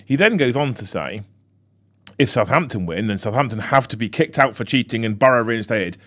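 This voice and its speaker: A man co-hosting a football fan podcast in casual chat, reading out viewer comments with quick asides. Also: medium pitch, animated, fairly bright tone. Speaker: podcast co-host. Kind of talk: casual live-stream chat.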